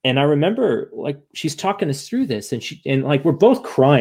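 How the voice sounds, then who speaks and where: Gravelly man speaking frankly in an interview. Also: a little high, sing-song, normal speed, a little mellow. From United States. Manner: frank and emotional, swears, restarts often. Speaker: podcast guest and author. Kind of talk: candid interview conversation.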